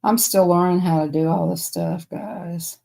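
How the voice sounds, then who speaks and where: A woman's voice: on the low side, steady tone, measured pace, creaky, mellow. A woman with a Southern US accent chatting casually on a live stream, telling stories to her viewers and laughing often.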